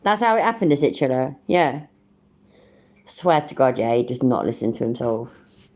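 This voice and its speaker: A woman's voice: extremely low pitch, normal speed, very noisy. A British woman hosting a reaction video, mocking and swearing as she mimics and ridicules what she hears. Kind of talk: sarcastic reaction commentary.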